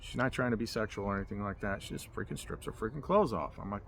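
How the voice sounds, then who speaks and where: Male vlogger, casual rambling storyteller, fairly low voice, outdoor recording with light noise. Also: fast. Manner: rambling, filler-heavy, with restarts and 'like'. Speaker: spiritual vlogger. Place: outdoors in a hammock.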